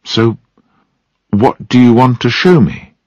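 Alarmed young woman scientist, man doing her, slow and husky, dry sound. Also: mid-range voice, darkish tone, no room sound, highs cut off, voice pushed up, close to an everyday voice. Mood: curious.

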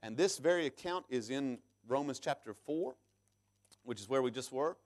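A man preaching a sermon in church, reading scripture aloud and swinging between loud emphatic peaks and sudden hushed drops. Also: medium pitch, lively intonation, moderate pace. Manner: reads scripture aloud in King James English. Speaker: pastor.

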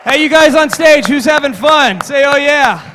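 A man's voice: very high-pitched, animated, normal speed, a crowd in the background, noisy background. A man, performing as a stage hypnotist, giving repetitive, commanding suggestions and often laughing. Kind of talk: live hypnosis show patter. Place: conference stage before a live audience. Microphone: stage microphone, audience not mic'd.

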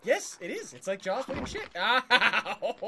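A streamer with an extremely high, sing-song voice speaks slowly while playing a video game, against game music and a noisy background. His commentary is casual let's-play chatter: rambling, chuckling and replying to the characters.

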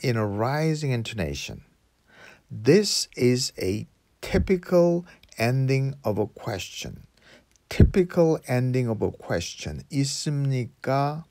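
A man teaches in English at a slow, patient pace, going over each word again and again. His voice sits in an ordinary middle pitch and sounds close and dry, without room echo. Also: darkish tone. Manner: patient, repeats each phrase slowly. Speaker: Korean language teacher. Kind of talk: slow explanatory lesson.

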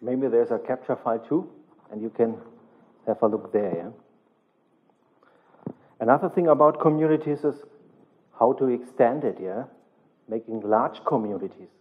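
Speaking in a mid-range voice at a moderate pace with frequent pauses, a male conference instructor delivers a technical lecture. His English is non-native and broken, he tags almost every phrase with a questioning "yeah?", and the sound is tinny and narrow-band.

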